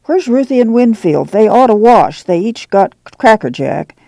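A woman's voice: a little high, sing-song, normal speed, creaky, dark tone, no room sound, voice pushed up, heavily acted. A woman reader voicing a worried, firm farm mother with a rural drawl.

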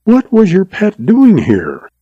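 A man's voice: high voice, wildly swooping pitch, warm tone, husky, no room sound, muffled recording, pitched above the performer's own voice, full character voice. A man putting on a cool, teasing young ranch woman. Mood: sharp. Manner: deliberate, sweetly mocking.

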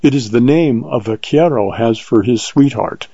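A male narrator voicing a bold frontier ranger in a storybook reading, earnest and measured. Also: medium pitch, gravelly, dark tone, breathy edge, no echo, dull audio.

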